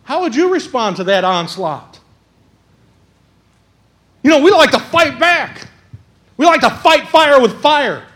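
Guy preaching, really high voice, gets loud then drops real quiet. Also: expressive, unhurried, pauses often. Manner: emphatic, swings between hushed quotes and raised exhortation. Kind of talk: sermon.

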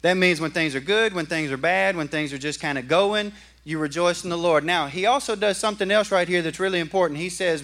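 A man preaching a sermon in a folksy, animated way and asking the congregation questions. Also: sits high, a little fast. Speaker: pastor. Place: church.

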